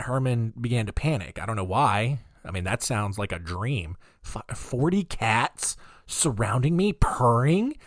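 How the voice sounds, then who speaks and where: A podcast host with a deep, groggy morning voice tells odd history stories with sarcastic asides. His delivery is loose and rambling, full of "uh" and "um," and it sounds dry and close to the mic. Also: fairly bright tone, no room sound. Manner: rambling, jokey asides, frequent fillers. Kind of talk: casual comedic storytelling.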